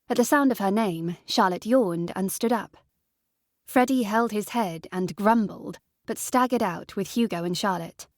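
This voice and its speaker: A woman reads an audiobook in even, measured narration. Her pitch sits in the middle range, and the recording is dry and close, with no room sound. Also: no room sound. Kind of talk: scripted narration.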